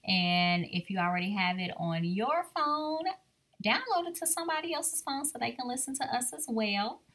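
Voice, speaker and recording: A woman hosts a podcast in playful banter. Her pitch swings widely and her voice is bright and forward. She sounds animated throughout. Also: moderate pace. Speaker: podcast host. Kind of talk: casual chat.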